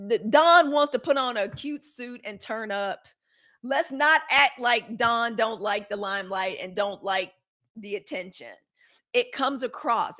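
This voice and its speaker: A woman's voice: medium pitch, a bit bright. A middle-aged woman hosts a live news commentary stream, blunt, sarcastic and fiery, swearing freely and answering viewer comments. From United States. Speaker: host of a daily live news commentary show.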